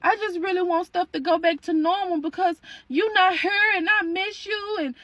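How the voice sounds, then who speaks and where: Little girl, eight or nine, weepy and pleading, high voice, put on by a woman. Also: normal speed, fairly bright tone, no echo, muffled recording. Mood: tearful. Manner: pleading and earnest.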